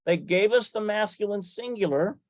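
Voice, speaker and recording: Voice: mid-range voice, moderate pace, a little mellow, no echo. A Hebrew teacher giving a grammar lesson, methodically spelling out letters and vowels step by step and thinking aloud with fillers and self-corrections.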